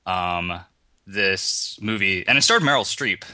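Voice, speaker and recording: A man's voice: low-pitched, lively intonation, slow pace, bright, forceful tone, dry recording. A man co-hosting a casual chat, rambling loosely with lots of filler words.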